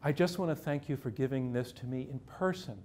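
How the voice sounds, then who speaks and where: A man's voice: medium pitch, brisk, a little mellow, slight background noise, lightly acted. A man voicing a blind elderly Russian woman who is bitter and bigoted, in a live storytelling performance. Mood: plaintive.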